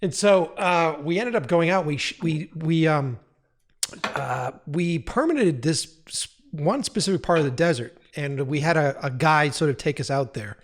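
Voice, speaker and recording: A man's voice: a little high, normal speed. A man in his thirties, a director guest on a podcast, telling stories casually, laughing often and swearing freely. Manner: profane, animated, laughs while telling stories. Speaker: music video director guest.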